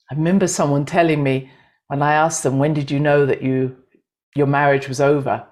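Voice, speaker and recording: A middle-aged woman giving an animated talk on intuition and astrology to an audience, acting out inner voices and laughing often. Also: a bass voice, moderate pace, long pauses.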